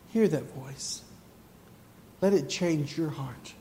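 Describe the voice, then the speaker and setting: Man preaching softly in an echoing hall. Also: medium pitch, a little hiss or hum. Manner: soft, slow, then rising to fervent emphasis. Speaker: pastor. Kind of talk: sermon. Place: church sanctuary.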